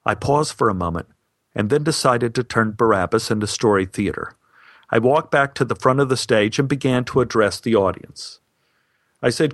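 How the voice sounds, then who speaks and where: Male storyteller, dry deadpan wit, even middle pitch. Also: brisk, dry recording. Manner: wry, deadpan humor. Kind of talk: personal storytelling.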